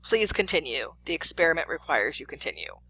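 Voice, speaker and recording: A lecturer voicing a calm, insistent male lab experimenter who repeats the same instruction. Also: medium pitch, fairly quick, gravelly, husky, heavily acted, poor audio.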